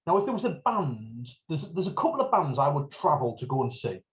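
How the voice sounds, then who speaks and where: A man's voice: a little high, big pitch swings, brisk, muffled recording. A man with a North East English accent, co-hosting a podcast and telling jokey stories. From North East England. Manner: storytelling, jokey, acts out greetings in a raised voice. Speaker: podcast co-host. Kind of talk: casual chat.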